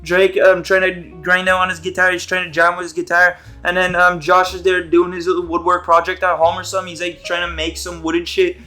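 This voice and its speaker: A man with a notably high voice talking through a TV episode, loose and unscripted. He rambles and jokes as he goes, swears freely, and stops and restarts often. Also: completely flat delivery, brisk, few pauses, bright, forceful tone, soft background music. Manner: rambling, profane and jokey. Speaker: YouTube commentator. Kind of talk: casual TV episode commentary.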